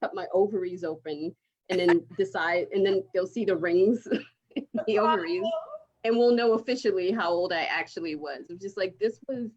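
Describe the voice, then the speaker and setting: A woman's voice: on the low side, normal speed, a little mellow, husky. A woman doing a stand-up set over a video call, rambling and laughing through her own jokes. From outside the United States. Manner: rambling, self-mocking, laughs through lines. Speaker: stand-up comic. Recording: dull lo-fi video call audio.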